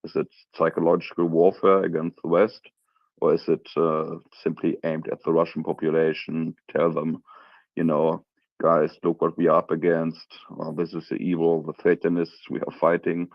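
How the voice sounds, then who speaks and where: A man's voice: very deep voice, monotone, moderate pace, no echo. A man with a thick German accent, just woken up, asking a blunt question as a caller in a live online chat. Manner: blunt, plain-spoken. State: just woke up. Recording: dull lo-fi online audio.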